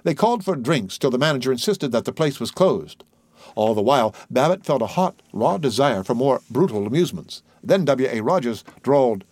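A man's voice: mid-range voice, animated, fairly quick, darkish tone, no room sound. A man reading a novel aloud as a narrator, giving the dialogue light character voices. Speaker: audiobook narrator. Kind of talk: scripted narration.

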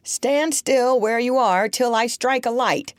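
A woman's voice: lowish voice, very animated, normal speed, no room sound, studio quality. A woman voicing a kindly bustling little doctor. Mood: reassuring. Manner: cheery, eager, exclamatory. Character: kind, bustling little male country doctor.

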